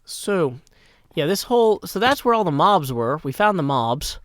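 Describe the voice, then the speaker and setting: Middle-aged male streamer, casual game commentary, hushed muttering asides. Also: fairly high pitch, very animated, normal speed, no echo, studio quality. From Nashville, Tennessee. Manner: chatty, self-deprecating, often drops to a hushed mutter. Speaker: gaming streamer. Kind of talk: casual live gameplay commentary.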